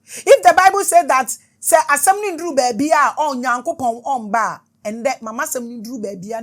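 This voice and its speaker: A woman's voice: fairly high pitch, brisk. A middle-aged Ghanaian woman hosting a spiritual talk show, speaking in an impassioned, repetitive, declaiming way. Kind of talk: spiritual talk mixing English and Twi.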